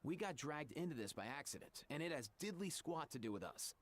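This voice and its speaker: A man's voice: fairly high pitch, very animated, brisk. A man voicing a polite, deferential henchman in a game.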